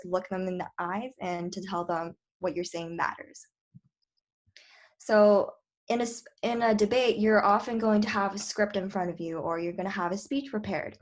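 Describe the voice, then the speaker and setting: A young woman debate coach giving a casual lecture, full of fillers like "like" and "um". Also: mid-range voice. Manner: chatty, filler-heavy, lots of "like" and "um".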